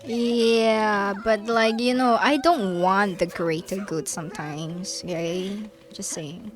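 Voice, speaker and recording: A woman's voice: mid-range voice, fairly even intonation, takes it slowly, slight background noise. A woman streaming a co-op game, dramatic and joking as she talks to her chat. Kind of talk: casual gaming chat.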